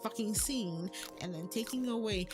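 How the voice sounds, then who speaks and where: Woman, podcast co-host, furious profane ranter, music bed low behind. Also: normal speed. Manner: angry, profane, ranting. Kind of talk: heated casual discussion.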